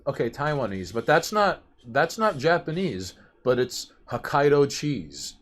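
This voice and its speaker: A man co-hosting a laid-back chat, his speech rambling and full of false starts and repeated words. His pitch sits in an ordinary middle range. A faint hiss of noise stays underneath. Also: sing-song, measured pace. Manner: rambling, stumbles over words. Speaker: podcast co-host. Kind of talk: casual chat.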